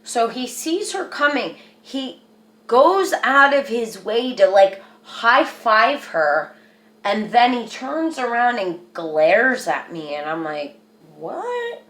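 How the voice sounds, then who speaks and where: A vlogger with a slightly high, expressive, somewhat bright voice speaks slowly as she shares a personal story to camera. The room is echoey, and her telling is earnest and rambling, packed with "like."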